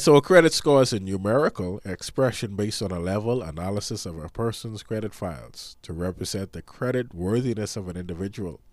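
A man's voice: fairly low pitch, darkish tone, no room sound. A man co-hosting a casual podcast, reading news items aloud with small stumbles and a slightly nasal voice from sinus trouble. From Bahamas. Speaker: podcast co-host.

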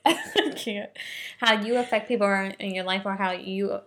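A woman's voice: mid-range voice, steady tone, unhurried, fairly bright tone. A young woman co-hosting a podcast, chatting casually and emotionally, laughing through tears. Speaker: podcast co-host. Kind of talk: casual chat.

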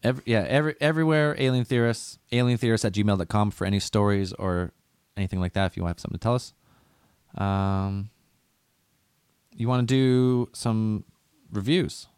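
A young man co-hosts a podcast in loose, rambling banter, swearing without a second thought. His voice sits low and sounds dry and close to the mic. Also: steady tone, normal speed, a little mellow, smooth, no room sound. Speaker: podcast co-host.

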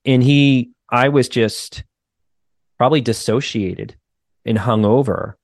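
A man's voice: mid-range voice, slow, no room sound. Man with a faint Boston accent, dry sound. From Boston area, United States. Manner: animated storyteller, many "like" and "you know" fillers. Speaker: guest therapist. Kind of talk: casual podcast conversation.

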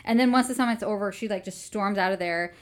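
A woman's voice: medium pitch, quick pace. A woman hosting a casual book podcast, retelling a story in a chatty way with many fillers and frequent laughs. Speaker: podcast host retelling a novel.

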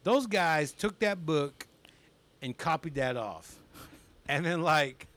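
Speaking slowly in a slightly high voice, this young comedian is a podcast guest swapping stories in relaxed conversation. He's animated and laughs frequently mid-sentence.

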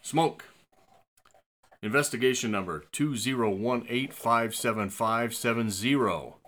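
A man's voice: medium pitch, a little slow, a bit bright. A man hosting a crude mock game show on a podcast, swinging into theatrical announcer tones.

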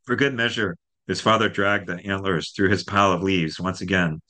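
A man with a very deep voice reads aloud from his own novel at a steady, measured pace. The delivery is calm and even, like an author presenting his work to listeners. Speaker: author and guest.

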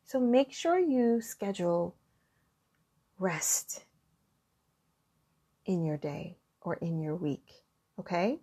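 A woman's voice: fairly low pitch, lively intonation, takes it slowly, long pauses, warm tone, husky. A middle-aged woman talking through heartfelt self-care advice, earnest and encouraging, often restarting her sentences.

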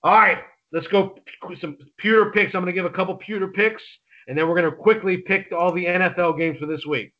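Man, sports podcast co-host, excitable, rambling, higher voice, dull lo-fi recording. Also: fairly quick. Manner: rambling, excitable, frequent restarts. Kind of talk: casual sports betting chat.

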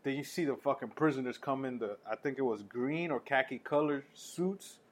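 A man telling a story in casual podcast talk, profane and animated, laughing often. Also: medium pitch, moderate pace. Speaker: podcast co-host.

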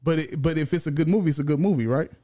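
A man's voice: a little high, very fast, warm tone. A man co-hosting a podcast, arguing casually and joking with friends. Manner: argumentative, jokey, repeats words. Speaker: podcast co-host. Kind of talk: casual debate chat.

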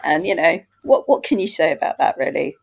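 Relaxed woman podcast co-host. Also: sits low, fairly quick, gravelly, slightly rough. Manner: laughs often, relaxed. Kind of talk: casual chat.

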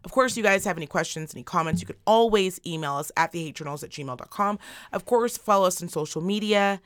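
A woman's voice: lowish voice, fast talker, dry recording. A woman co-hosting a podcast, chatting in a blunt, profane way and telling stories with lots of energy. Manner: blunt, profane, animated storytelling. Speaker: podcast co-host. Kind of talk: casual podcast chat.

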